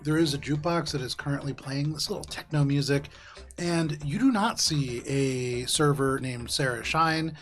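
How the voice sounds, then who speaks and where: A man running a tabletop game as game master, narrating scenes in a relaxed, descriptive way with frequent ums. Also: a little high, normal speed.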